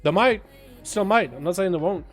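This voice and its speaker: A man's voice: high-pitched, moderate pace, soft background music. A young man casually commentating his game livestream, laid-back, laughing often and swearing casually. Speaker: gaming streamer.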